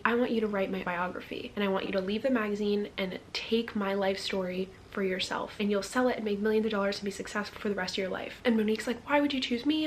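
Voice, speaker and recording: A woman's voice: mid-range voice, slight background noise. A young woman talking casually in a book vlog, emotional and chatty, full of "like" and the odd swear word. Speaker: book vlogger. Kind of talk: casual reading reaction vlog.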